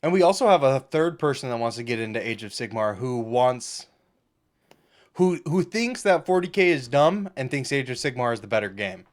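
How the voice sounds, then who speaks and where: A man's voice: mid-range voice, very animated. A man co-hosting a podcast, joking and chatting in an easygoing way. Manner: easygoing, joking, quick to agree. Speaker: podcast co-host. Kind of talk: casual chat.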